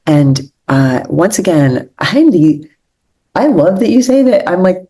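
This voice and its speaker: A woman author speaking as an interview guest, earnest and gentle, repeating phrases for emphasis. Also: fairly low pitch, very animated, measured pace, husky. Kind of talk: reflective interview conversation.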